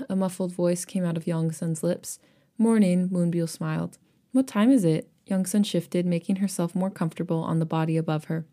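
A woman's voice: lowish voice, warm tone. A woman co-hosting a podcast, reading a story aloud and chatting casually, with laughter breaking in between passages. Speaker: podcast co-host reading fan fiction aloud.

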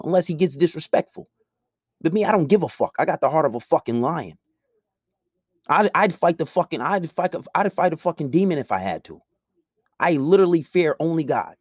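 A man's voice: fairly high pitch, darkish tone, dry recording, studio quality. A young man, ranting bluntly and profanely in a heated podcast monologue. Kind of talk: monologue to camera.

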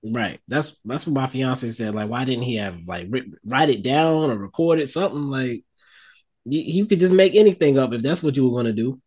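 Man, casual movie chat, lively pitch, laughs along. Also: normal speed, slightly rough. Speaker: podcast co-host.

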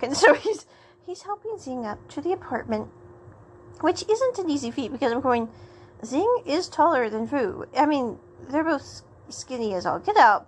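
A woman's voice: a little high, slight background noise. A woman hosting a casual chat show, rambling and laughing as she retells scenes. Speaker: podcast host.

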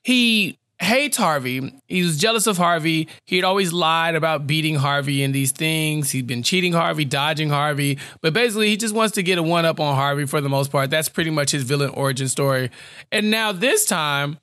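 A man co-hosting a podcast in casual recap chat, animated, often acting out characters' lines. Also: fairly high pitch, no echo, studio quality. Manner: animated, acts out characters' lines in quick bursts. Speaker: podcast co-host.

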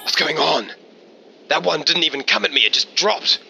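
A man's voice: on the high side, lively intonation, creaky, bright, forceful tone, breathy edge, voice pushed up, full character voice. A man doing an eager young radio caller. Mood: excited. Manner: eager and talking fast.

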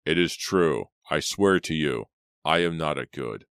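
A frightened minister begs and pleads loudly, voiced by a man narrating an audiobook. The voice stays very deep and smooth. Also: lively intonation, measured pace, no echo, studio quality, full character voice. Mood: pleading. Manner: begging and loud.

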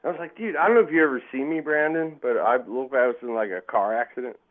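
He talks fast in a medium-pitched voice, with slight background noise behind him. As a podcast guest on a tinny, phone-like line, the man rambles through crude stories, acting out quotes and swearing often.

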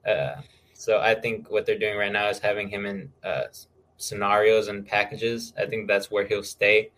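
Low-voiced man breaking down stats. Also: moderate pace. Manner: relaxed, talks through stats with filler uhs. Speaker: podcast co-host. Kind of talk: casual fantasy football chat.

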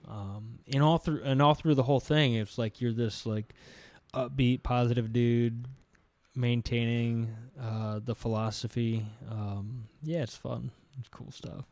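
A man's voice: medium pitch, steady tone, unhurried, a little mellow, no echo. A young adult man hosting a podcast, chatting casually and acting out scenes as he talks. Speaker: podcast host. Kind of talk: casual conversational interview.

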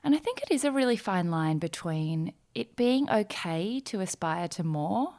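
A woman's voice: medium pitch, lively intonation, normal speed, darkish tone. A woman hosting a podcast, reflecting thoughtfully and summing up her guest's ideas. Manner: thoughtful, reflective questions with long summaries. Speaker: podcast host. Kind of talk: casual podcast interview.

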